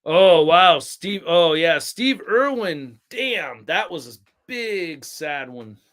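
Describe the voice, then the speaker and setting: A man's voice: on the high side, animated, slow, a bit bright. A young man hosting a livestream, chatting casually in a laid-back, slangy way and telling stories to his chat. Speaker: livestream host.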